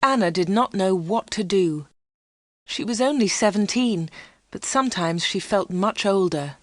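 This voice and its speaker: Female narrator for a learner's storybook, steady clear reading, dry. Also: medium pitch, unhurried, no room sound.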